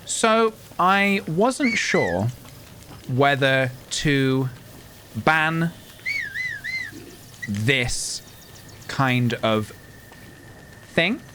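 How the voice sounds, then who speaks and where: A man streaming a game live, talking in a wry, deliberate way and choosing his words carefully. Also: mid-range voice, animated, noisy background.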